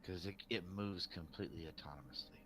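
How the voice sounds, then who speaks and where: A man's voice: sits low, quick pace, over music. A man playing in a tabletop game, offering suggestions to the group. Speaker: player. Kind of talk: casual table talk.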